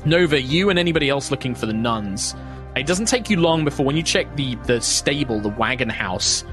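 A man of ordinary pitch narrates a tabletop game as its game master, rambling along with plenty of ums and self-corrections. Faint music sits quietly under his voice. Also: expressive, fairly quick.

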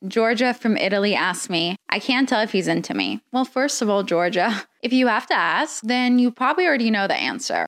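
A woman hosts a casual advice podcast, answering listener questions from her bed. She talks in a blunt, frank way and giggles often. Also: mid-range voice. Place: sitting in bed indoors.

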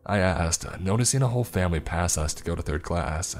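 Deep-voiced man narrating a horror story. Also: lively intonation, fast talker, a little mellow. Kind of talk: first-person scripted horror narration.

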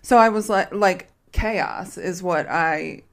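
A woman, a therapist co-hosting a podcast, talking in a relaxed, hesitant way with many fillers. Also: on the low side, slow pace, creaky. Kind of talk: casual podcast chat.

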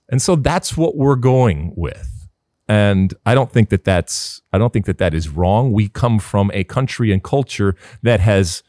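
A man's voice: mid-range voice, a little mellow, dry recording, studio quality. A middle-aged man hosting a casual sports podcast, talking emphatically and with strong opinions, full of fillers and restarts. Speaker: podcast host.

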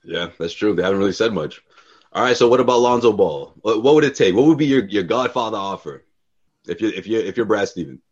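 Fast-talking husky man on a lo-fi mic. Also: lowish voice, animated. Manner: quick, conversational, laughs often. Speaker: podcast co-host. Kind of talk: casual sports talk.

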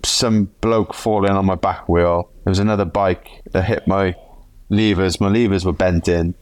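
A male professional cyclist telling a race story in a chatty, animated way on a podcast. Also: low-pitched, moderate pace, clean tone, no echo. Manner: animated, chatty, acts out quotes. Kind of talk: casual storytelling chat.

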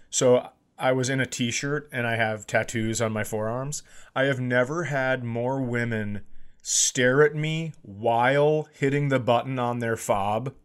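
A man's voice: medium pitch, clear, resonant tone. A man in his forties, a podcast co-host telling a funny story in casual chat and acting out the people he quotes. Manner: animated, acts out quoted voices loudly.

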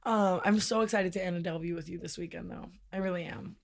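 A woman's voice: fairly low pitch, steady tone, fast talker, gravelly, a crowd in the background. A young woman co-hosting a podcast in casual, loose chat, profane and gushing. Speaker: podcast co-host.

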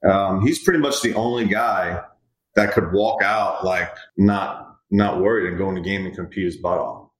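Man, middle-aged, lowish voice, relaxed rambling coach talk, roomy echo. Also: normal speed. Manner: relaxed, rambling, acts out quoted players. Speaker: hitting coach. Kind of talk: casual interview chat. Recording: echoey room.

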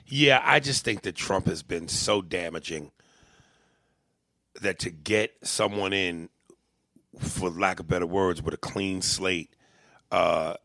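A man's voice: deep voice, takes it slowly, pauses often, dry recording, clean studio sound. A man arguing politics in a heated, profane way, often retelling and acting out what others said. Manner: heated, profane, animated storytelling. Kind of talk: casual political debate.

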